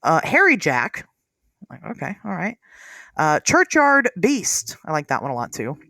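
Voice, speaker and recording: A podcast host from the United States talking in lively casual chat, laughing often. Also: medium pitch, a little slow, gravelly, dry recording, studio quality.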